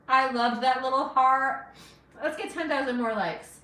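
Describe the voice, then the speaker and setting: A middle-aged Afghan woman with no accent chats and encourages her livestream viewers while cooking in her home kitchen, sniffling a little from allergies. Her high voice comes at a moderate pace, pushed and bright. The distant mic picks up an echoey room.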